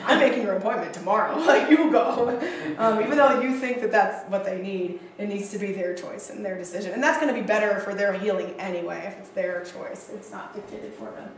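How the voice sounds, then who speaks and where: A woman teaching counseling skills to a group, chatty and animated with frequent fillers and asides. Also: medium pitch, a little hiss or hum. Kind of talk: casual training lecture. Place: training room with a group. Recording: echoey room, distant mic.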